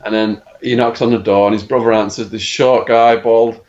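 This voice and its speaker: Guesting on a podcast, this middle-aged man from England spins a dramatic tale, voicing the quotes of the people in it. His voice is on the low side at a normal pace, and the recording is muffled.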